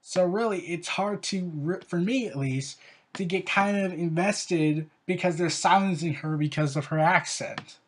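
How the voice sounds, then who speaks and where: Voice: medium pitch, unhurried. A show host giving a casual spoken review, rambling and opinionated, with frequent "like" fillers and sarcastic, ranting asides.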